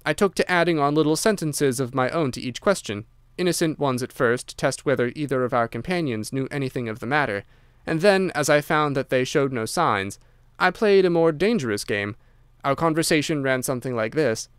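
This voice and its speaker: A male audiobook narrator reading a classic tale in a measured, even storytelling manner. His voice is smooth and resonant at a middle pitch. The recording is close and dry. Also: no echo.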